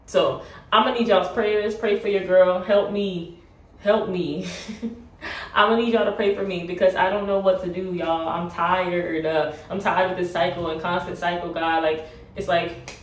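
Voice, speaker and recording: A woman's voice: mid-range voice, a little hiss or hum. A young woman vlogging a personal plea, emotional and laughing to keep from crying. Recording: echoey room from a distance.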